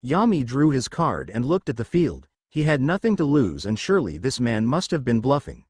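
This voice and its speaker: A man narrating a fan fiction story with expressive storytelling. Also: mid-range voice, moderate pace, husky, no room sound, clean studio sound.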